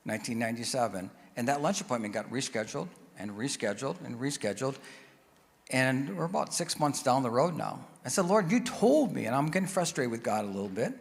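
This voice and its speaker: A man shares a personal testimony from a church stage, and his voice rings with a long reverb around the sanctuary. His pitch sits in a middle range for a man. He tells the story with animation and acts out each person he quotes. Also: expressive, quick pace, gravelly. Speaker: guest speaker.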